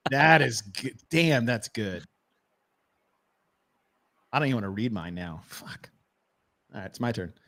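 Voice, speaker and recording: A man hosting a casual podcast chat, animated and quick to laugh and swear. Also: mid-range voice. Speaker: podcast host.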